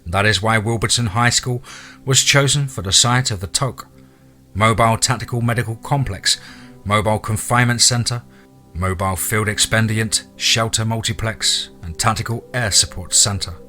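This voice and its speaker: A man reads a horror story with steady, dramatic narration. His low voice has a forceful, bright ring. Faint music plays behind him. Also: normal speed. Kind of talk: scripted audiobook narration.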